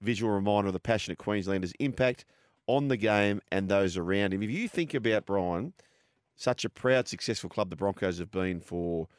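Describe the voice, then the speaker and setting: An Australian man co-hosts sports radio, his voice sitting low in pitch. He chats casually about the game and slides into read ad copy. The studio sound is dry and close. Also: moderate pace, clean tone, dry recording. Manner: chatty, reads ad copy between banter.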